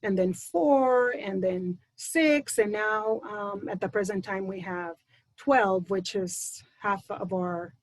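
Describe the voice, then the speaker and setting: A woman speech pathology professor on a video call tells a panel how her work began. She speaks casually with frequent pauses and ums. The sound is close and dry, with no room around it. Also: medium pitch, no room sound, poor audio. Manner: conversational, many ums. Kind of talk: panel introduction, casual storytelling.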